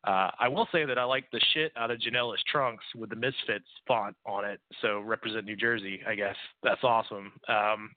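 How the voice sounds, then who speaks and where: A man's voice: lowish voice, steady tone, normal speed, no room sound. A man co-hosting a podcast, giving frank, opinionated takes in casual chat with some swearing. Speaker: podcast co-host. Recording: tinny phone-like audio, dry.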